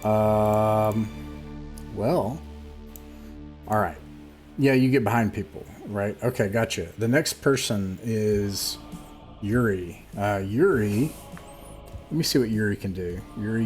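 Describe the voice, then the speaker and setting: Low-voiced man running a tabletop game. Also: a little mellow, faint music behind. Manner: halting, many fillers and restarts. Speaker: game master. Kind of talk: narrating a tabletop game online.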